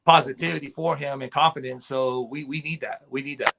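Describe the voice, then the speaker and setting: A man talking as a guest in a casual chat, excited and rambling. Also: medium pitch, fairly quick, gravelly, noisy background. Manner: excited, rambling fan talk. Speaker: podcast guest.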